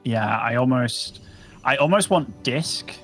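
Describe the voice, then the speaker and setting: Male co-caster, animated pitch, upbeat banter, faint music behind. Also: takes it slowly. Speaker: esports caster. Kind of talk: live game commentary.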